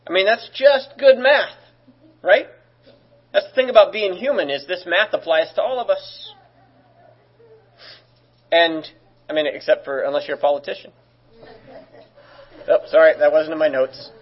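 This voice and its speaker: A man's voice: sits high, moderate pace, pauses often, dull audio. A man preaching as a pastor, in a conversational way with joking asides. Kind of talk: sermon.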